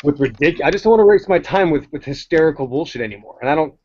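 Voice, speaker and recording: A man's voice: fairly high pitch, animated, fast, a little mellow, dry recording. A man co-hosting a casual talk show, ranting in a blunt and heated way. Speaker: co-host. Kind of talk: casual opinionated chat. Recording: dull lo-fi sound.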